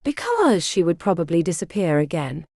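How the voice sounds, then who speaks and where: A woman's voice: lowish voice, very animated, moderate pace, darkish tone, no room sound, clean studio sound, pitched below the performer's own voice. A woman voicing a stern, weary middle-aged king in a medieval audiobook. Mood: grave.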